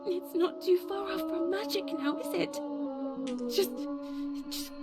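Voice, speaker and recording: An eerily serene caretaker figure from a horror game, voiced by a woman. This is whispered role-play, so she speaks in a hushed, flat monotone. Her voice sits high and unfolds very slowly. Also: loud music behind the voice. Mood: coaxing. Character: soothing woman caretaker, eerily calm and devout.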